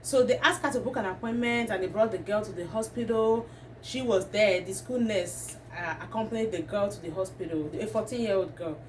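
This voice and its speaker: A woman's voice: medium pitch, fairly quick, darkish tone. A woman, talking to camera as a vlogger and ranting with indignation. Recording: distant mic, faint background noise.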